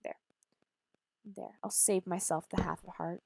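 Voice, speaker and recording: A woman's voice: lowish voice, steady tone, unhurried, creaky, background noise. A woman streaming a game, chatting casually with playful sarcasm and silly beep-boop noises.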